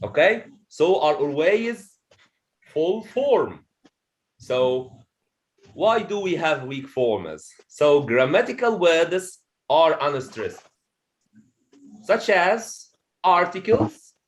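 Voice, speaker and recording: A man teaches pronunciation to a class, with a fairly high voice that swings widely in pitch. He speaks slowly and deliberately, repeats his points and keeps asking the room "okay?". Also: sing-song. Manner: slow, repeats each point, checks with "okay?". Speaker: English teacher. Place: classroom with students.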